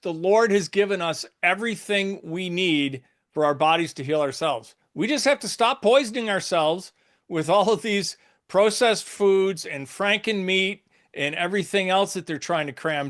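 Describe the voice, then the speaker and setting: A man's voice: high voice, moderate pace, fairly bright tone. A man hosting a podcast, talking in an earnest, folksy, casual way. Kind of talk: casual conversation.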